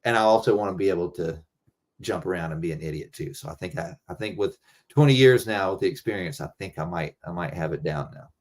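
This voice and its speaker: A man's voice: low voice, fast. A middle-aged man talking loosely and rambling, swearing freely, as a guest musician in a casual interview.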